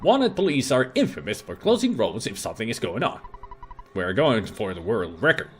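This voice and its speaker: A man's voice: medium pitch, big pitch swings, normal speed. A man hosting a let's play, joking around and reading game text aloud in a playful way. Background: game music.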